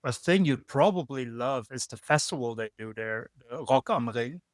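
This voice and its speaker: A man's voice: mid-range voice, lively intonation, moderate pace, no echo, studio quality. A man from Germany, hosting a podcast in an easygoing chat, often searching for words. Recorded at a backpackers hostel. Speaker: podcast host. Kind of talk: casual conversation.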